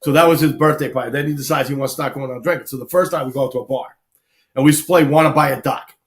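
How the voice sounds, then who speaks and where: A man, casually telling lively army anecdotes on a live talk show and acting out the people he quotes. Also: medium pitch, very fast. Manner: animated anecdotes, acts out quoted people, laughs often. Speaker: guest storyteller, army veteran.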